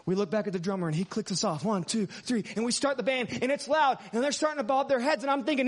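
High-voiced man preaching. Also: fast, hardly any pauses. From United States. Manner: dynamic, swings from hushed asides to loud emphatic lines. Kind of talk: storytelling sermon.

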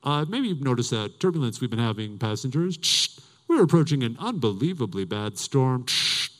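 Man doing a low, hushed male airline captain, calm, understated, shushing. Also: normal speed, poor audio. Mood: hushed deadpan.

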